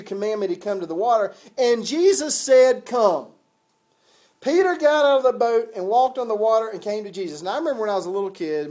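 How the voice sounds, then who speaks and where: A man's voice: high-pitched, darkish tone. A man preaching a sermon in a conversational, folksy way, with chuckles and casual asides.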